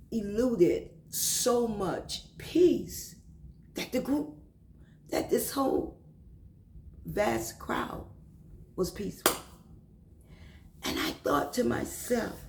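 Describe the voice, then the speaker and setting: A woman tells a devotional story emotionally, repeating herself and sometimes dropping into a whisper. Her voice sits on the low side, creaky and a little mellow, and the poor, reverberant recording carries a slight hiss or hum.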